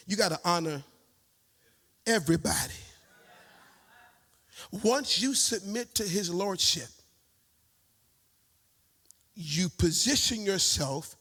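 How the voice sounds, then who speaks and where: Casting: hoarse male preacher, high bright voice, call-and-response style. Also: slow, pauses often. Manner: call-and-response preaching, sings and shouts phrases. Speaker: guest preacher. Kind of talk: energetic sermon. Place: church sanctuary.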